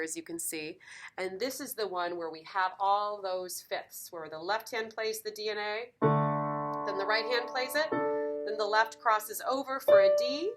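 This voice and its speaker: A woman's voice: mid-range voice, pushed and bright. A woman teaching piano in a lesson video, encouraging and counting beats aloud.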